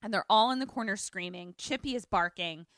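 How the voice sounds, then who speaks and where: A bright, sharp-toned young woman tells a movie story over a close, dry podcast mic. She is an animated storyteller who keeps slipping into quick voices for the characters. Her talk is casual and full of fillers. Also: medium pitch, no room sound. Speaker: podcast co-host. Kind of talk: casual chat retelling a film plot.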